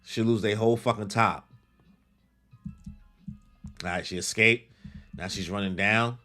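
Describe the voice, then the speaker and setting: A man's voice: on the low side, fairly even intonation, unhurried, pauses often, bright, forceful tone, faint music behind. A young man reacting live to a comic chapter, exclaiming and swearing casually with lots of slang. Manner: exclaiming, crude slang, says "bro" a lot. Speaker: manga reaction streamer. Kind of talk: live reaction commentary while reading.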